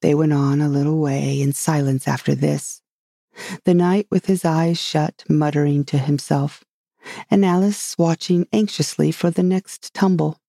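An audiobook reader narrating a storybook calmly and evenly. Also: mid-range voice, measured pace, gravelly, no echo, studio quality. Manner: calm, even storytelling.

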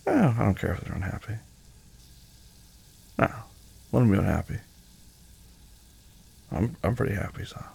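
Gravelly husky man in boyfriend role-play. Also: fairly low pitch, big pitch swings, normal speed, long pauses. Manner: gentle, teasing and affectionate, laughs often.

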